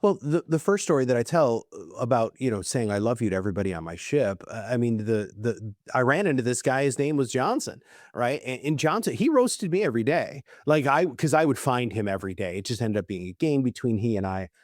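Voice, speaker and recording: A man's voice: mid-range voice, expressive, brisk, a little mellow, dry recording, studio quality. A man speaking as a podcast guest, earnest and emphatic, often repeating words for stress. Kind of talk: conversational podcast talk.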